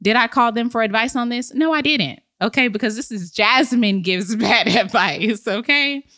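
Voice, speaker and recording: A woman's voice: on the high side, normal speed, sharp tone, no room sound, clean studio sound. A woman hosting a comedic advice podcast, talking sassy and playful and laughing at her own jokes. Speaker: podcast host.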